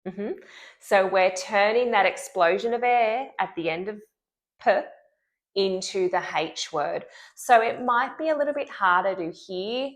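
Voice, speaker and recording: With a medium-pitched, expressive voice, a female speech pathologist teaches a lesson, demonstrating speech sounds in a clear, deliberate way.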